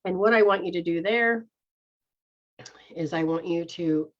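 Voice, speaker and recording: A lower-pitched woman talks clients through an energy healing session, speaking their feelings aloud in first person before giving step-by-step hand placements. The sound is dull and lo-fi, like audio from an online stream. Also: unhurried. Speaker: energy healer leading a live session. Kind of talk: guided healing session, casual.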